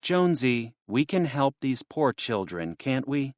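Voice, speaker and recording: A man voicing a kind adult woman who speaks gently and coaxingly. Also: mid-range voice, very animated, unhurried, no echo, studio quality, pitched above the performer's own voice. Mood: doting. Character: sweet, doting adult woman.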